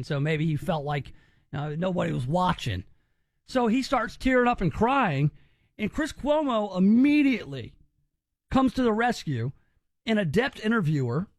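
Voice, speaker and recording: Male commentary host, higher voice, sarcastic and mocking, dry close sound. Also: big pitch swings, moderate pace, dry recording. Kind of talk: opinionated commentary.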